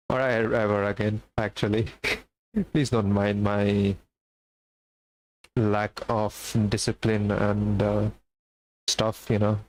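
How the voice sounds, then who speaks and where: A man's voice: on the low side, a little mellow, rough recording. A man streaming live, chatting casually and playfully with his viewers. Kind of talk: casual livestream chat.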